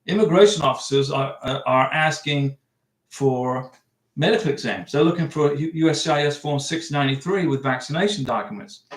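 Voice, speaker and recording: A man's voice: mid-range voice, a little fast, echoey room. A man hosting a livestream, giving casual advice in a rambling, conversational way and repeating himself often.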